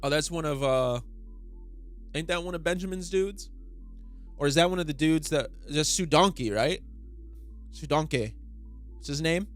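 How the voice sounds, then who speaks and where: A man hosting a casual manga reaction, excitable and breaking into loud bursts. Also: fairly high pitch, measured pace, long pauses, soft background music.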